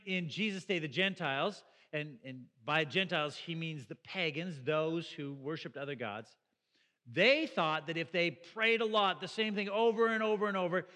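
Man, pastor preaching, high-pitched, long reverberant hall. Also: sharp tone. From Canada. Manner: conversational, asks the listeners questions. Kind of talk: sermon.

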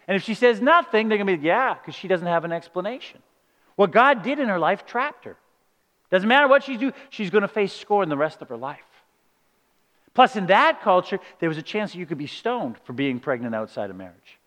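A man's voice: high-pitched, fairly bright tone, in a large hall. A man preaching a sermon as pastor, in a conversational style with acted-out quotes.

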